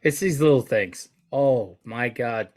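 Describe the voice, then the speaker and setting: A man's voice: medium pitch, takes it slowly, darkish tone. A man co-hosting a podcast who rambles and jokes in casual banter with his partner. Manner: joking, rambling. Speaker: podcast co-host, flooring contractor.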